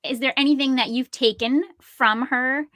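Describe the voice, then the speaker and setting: A woman's voice: sits high, steady tone, moderate pace, fairly bright tone, no echo. A woman co-hosting a casual online interview, chatty and upbeat, asking rambling questions with fillers. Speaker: interview co-host.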